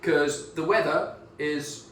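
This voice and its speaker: A man with a British accent coaching pronunciation one-on-one, modelling words slowly and encouraging the learner. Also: a little high, a bit bright, roomy sound, distant mic, slight background noise, rough recording. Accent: British English. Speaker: English pronunciation tutor.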